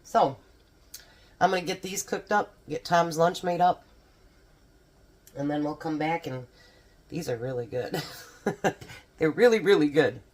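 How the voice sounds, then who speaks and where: A woman's voice: low voice, slow pace, long pauses, a little mellow. A woman chatting casually to camera while she cooks and tastes food in her home kitchen, with a chatty, homey manner. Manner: chatty, homey, talks while eating and tasting. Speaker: home cooking vlogger. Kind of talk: casual cooking chat to camera.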